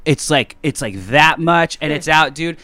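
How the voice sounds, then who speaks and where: Profane, animated male storyteller. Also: fairly high pitch, a little slow. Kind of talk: crude casual chat.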